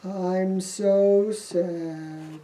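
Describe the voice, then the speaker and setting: A woman voicing the gloomy doubting disciple Thomas, talking slowly and heavily, recorded from a distance in an echoey room. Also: on the low side, little pitch movement, mellow, a little hiss or hum, voice pushed down. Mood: mopey. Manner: slow, mopey and heavy.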